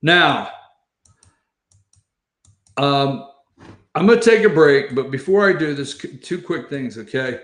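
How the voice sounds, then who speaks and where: A man hosting a political commentary monologue, sarcastic and rambling with quick asides. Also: on the high side, expressive, a bit bright, roomy sound. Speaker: host.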